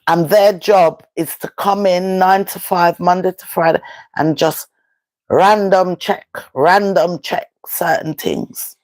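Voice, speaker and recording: A Jamaican woman talks on a live stream in a slow, unhurried patois-laced chat, full of emphatic rhetorical questions. Her voice sits at a middle pitch, and the sound is close and dry. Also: dry recording. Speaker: vlogger.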